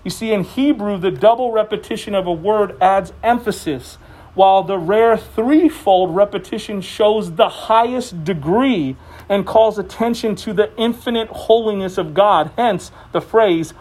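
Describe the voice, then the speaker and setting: A man's voice: high-pitched, unhurried, darkish tone. A male preacher giving a sermon in a conversational way, with jokes between the teaching. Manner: conversational and joking.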